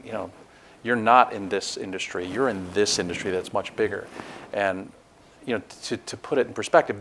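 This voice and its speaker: A man's voice: lowish voice, a bit bright, a little hiss or hum. A man interviewing a guest, explaining lessons to an audience in a teacherly way. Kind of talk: interview questions and commentary.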